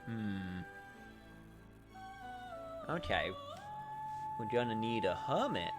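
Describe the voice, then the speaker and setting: A man's voice: on the low side, big pitch swings, drawn-out words, over loud music. A man streaming a game, chatting casually and thinking aloud as he plays. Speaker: gaming streamer. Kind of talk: casual live-stream commentary.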